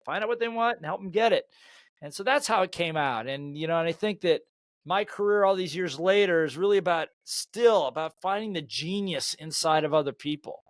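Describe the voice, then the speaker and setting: An older man, a sales trainer and author, tells lively anecdotes in an interview and laughs at his own stories. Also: high-pitched, brisk, dry recording. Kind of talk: storytelling in an interview.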